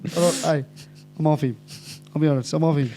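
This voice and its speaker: A man's voice: on the high side, fairly even intonation, brisk, dark tone, faint music behind. A young Australian man co-hosting a podcast in casual chat, sounding nasal and congested from a cold, blokey and sweary, laughing often. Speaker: podcast co-host.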